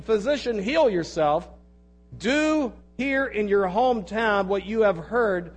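A man with a fairly high voice preaches a sermon in church. He reads scripture aloud with strong emphasis, then drops into soft, close asides and quiet prayer. His delivery rises and falls between the two. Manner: swings between loud emphatic reading and quiet intimate asides. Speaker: pastor.

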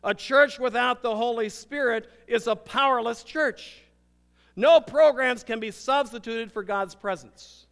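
Older man, pastor, high voice, sermon, emphatic then hushed, long reverb of a church hall. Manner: emphatic preaching, swinging from loud to hushed. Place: church sanctuary.

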